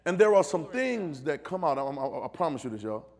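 A man delivers a sermon, trading lines with his congregation. His voice sits high for a man, and he swings from low, close asides to loud shouted calls. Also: very animated, brisk. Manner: call-and-response preaching, builds to shouts. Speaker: preacher.

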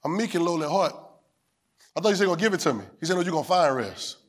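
A male preacher with a high voice that rises and falls as he works the congregation. He repeats his lines for weight and asks if they are hearing him. He builds to loud peaks and then drops back down. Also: lively intonation, very fast. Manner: call-and-response preaching, rising to shouts. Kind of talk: sermon.

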